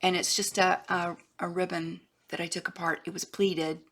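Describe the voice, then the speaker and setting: Woman craft vlogger, gravelly and bright-toned, rambling show-and-tell, slips into soft whispers. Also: on the low side, little pitch movement, moderate pace. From Florida, USA. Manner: chatty, rambling, trails off and restarts, drops to a whisper at times.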